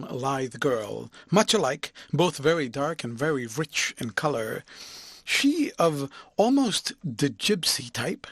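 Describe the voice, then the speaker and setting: A man reading a classic novel aloud as an audiobook, with lively, expressive narration. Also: a little high, slow pace, slightly rough, dry recording, studio quality.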